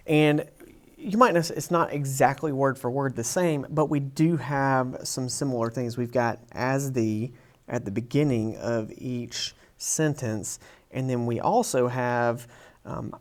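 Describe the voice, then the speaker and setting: A man teaching a writing lesson over slides, talking in a relaxed way with frequent ums and restarts. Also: medium pitch, measured pace. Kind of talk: casual lecture over slides.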